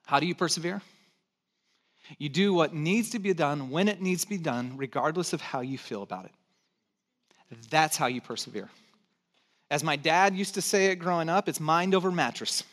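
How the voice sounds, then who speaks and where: A man's voice: a little high, moderate pace, pauses often, fairly bright tone. A middle-aged male pastor preaching a sermon, emphatic and conversational, repeating his key phrases. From born in Texas, raised in California.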